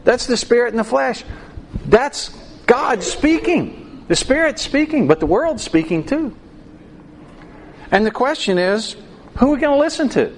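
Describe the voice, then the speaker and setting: Animated male preacher, lively voice. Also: extremely high pitch, measured pace, pauses often, slight background noise. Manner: animated, acts out quoted voices. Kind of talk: sermon.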